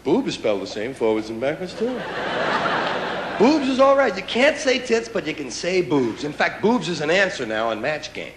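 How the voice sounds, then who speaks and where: A man performing a stand-up comedy routine, riffing and mock-indignant, with sudden loud outbursts, recorded live on stage. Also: fairly high pitch, big pitch swings, moderate pace, very noisy. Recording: old live recording, roomy hall with audience laughter. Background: audience laughter.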